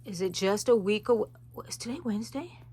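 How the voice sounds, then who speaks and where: A woman's voice: mid-range voice, fairly quick, a little mellow, slightly rough. A woman hosting a crochet tutorial, talking viewers through each stitch in a casual, rambling way with chatty asides. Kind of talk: casual step-by-step tutorial chat.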